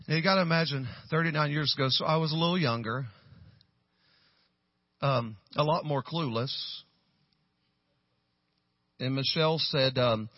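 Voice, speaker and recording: A man, telling stories from the pulpit and rising to loud, high-pitched peaks. His voice sits a little high for a man and sounds husky and dry. The recording is dull and muffled. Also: normal speed, pauses often, no room sound. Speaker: guest pastor. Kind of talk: storytelling sermon.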